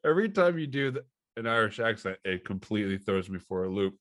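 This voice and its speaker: A man's voice: lowish voice, sing-song, fast talker, fairly bright tone. A man hosting a horror movie podcast, talking in an easygoing, rambling way. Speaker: podcast host. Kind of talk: casual chat.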